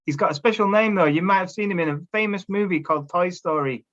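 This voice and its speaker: A man training teachers in a lively online workshop, checking in often with his listeners as he explains classroom drilling. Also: high voice, quick pace. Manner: lively, encouraging, addresses teachers directly with many "okay?" checks. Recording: slightly dull lo-fi audio.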